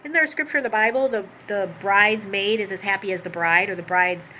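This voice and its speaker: A woman's voice: medium pitch, quick pace, pushed and bright, slight background noise, low-quality recording. A woman telling a personal story in an emotional, rambling way, full of asides and fillers.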